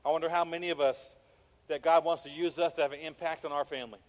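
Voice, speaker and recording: A man preaching a sermon, animated, acting out scenes with quoted voices. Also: a little high, quick pace. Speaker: pastor. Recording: long reverb of a large hall.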